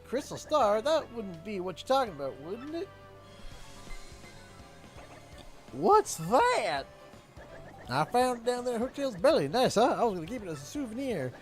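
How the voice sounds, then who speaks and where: A man's voice: high-pitched, huge pitch swings, measured pace, hardly any pauses, soft background music, voice pushed up, exaggerated voice. A man voicing a cheerful middle-aged male turtle father in a game playthrough, folksy and upbeat. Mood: generous.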